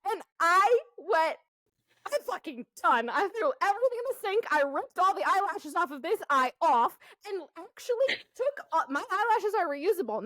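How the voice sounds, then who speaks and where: A woman with a high voice tells a rambling story in casual podcast chat. She swears freely, laughs often and talks in an animated way. The sound is dry and close. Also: no room sound. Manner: animated, profanity-laced storytelling with frequent laughter. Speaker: podcast co-host.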